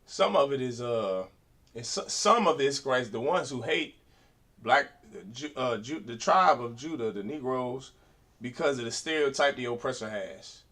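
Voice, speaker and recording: A man teaching a class in an emphatic preaching style, asking rhetorical questions and rising to loud, forceful delivery. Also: mid-range voice, animated, normal speed. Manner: uses rhetorical questions and quoted voices.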